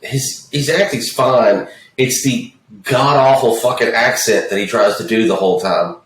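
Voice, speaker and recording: A man's voice: medium pitch, measured pace. A man co-hosting a casual movie review podcast, ranting and swearing freely as he complains about the film. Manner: profane, ranting, animated complaining. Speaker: podcast co-host. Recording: roomy echo, distant mic.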